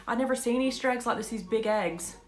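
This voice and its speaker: A woman's voice: a little high, fairly quick, soft background music. A woman from Georgia, chatting casually to camera as a vlogger and asking her viewers playful questions, with the odd curse. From Georgia, USA.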